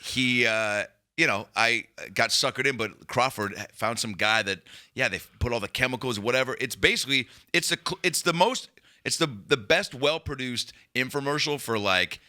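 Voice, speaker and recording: A man hosting a podcast, his mid-pitched voice sounds very bright and forward. He banters loosely and swears freely, reacting quickly to his guest's stories. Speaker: podcast host. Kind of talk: casual podcast chat.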